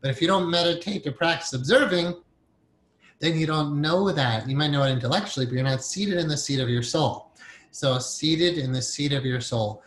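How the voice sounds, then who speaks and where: A man's voice: a little high, normal speed, a bit bright, echoey room, poor audio. A man giving a recorded meditation training lecture in a loose, conversational way, repeating key points and acting out the inner voices of emotions. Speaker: meditation teacher.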